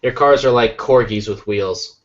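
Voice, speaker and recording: An American man co-hosting a podcast, telling jokey stories in a lively, casual way while tired from little sleep. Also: mid-range voice, unhurried, muffled recording. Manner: animated, jokey storytelling. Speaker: podcast co-host. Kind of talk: casual chat.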